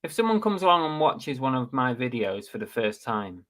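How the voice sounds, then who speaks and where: A man co-hosting a casual live chat, dry and deadpan, grumbling in mock complaint. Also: medium pitch, normal speed. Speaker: co-host of a reselling live stream.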